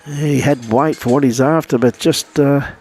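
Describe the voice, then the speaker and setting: A man's voice: medium pitch, fairly even intonation, moderate pace, darkish tone, soft background music. A man with an Australian accent giving casual live commentary on a lawn bowls livestream, chatting and greeting viewers by name between shots.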